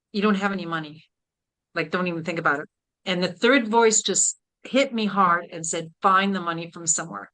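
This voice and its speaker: An older woman from Canada, a podcast guest, telling a personal story with animated voices for her past thoughts. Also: mid-range voice, low-quality recording.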